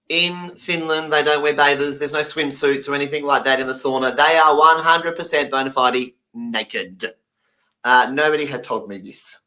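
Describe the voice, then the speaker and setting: A man voicing a deaf comedian's stand-up story, animated and acting out the people he quotes. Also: medium pitch, poor audio.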